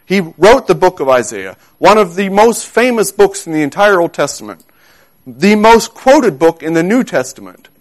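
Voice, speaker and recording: Speaking in a fairly high, very animated voice, this preacher delivers a sermon with earnest emphasis. He leans on repeated key words for weight and slows his pace when reading scripture aloud.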